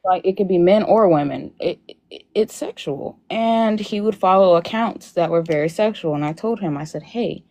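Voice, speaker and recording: A young woman with a fairly low, mellow voice calls into a live Q&A over video and tells her story through tears. She speaks at a normal pace with hardly any pauses, rambling and leaning on "like" constantly in this emotional personal account.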